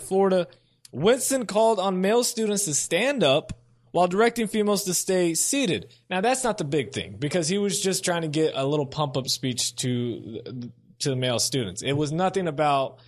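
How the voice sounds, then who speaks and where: A young man with a slightly higher voice hosts a solo sports commentary show. He speaks casually and thinks out loud. His delivery is opinionated.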